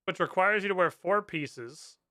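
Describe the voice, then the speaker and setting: A man streaming a video game, giving animated, profane, ranting commentary. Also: sits high, normal speed. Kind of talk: casual live-stream commentary. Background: game music.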